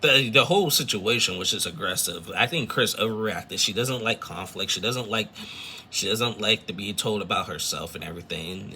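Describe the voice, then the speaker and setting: A man casually recaps a reality show episode, rambling with lots of fillers and retelling scenes through quoted lines. His deep voice comes across pushed and bright, with slight background noise.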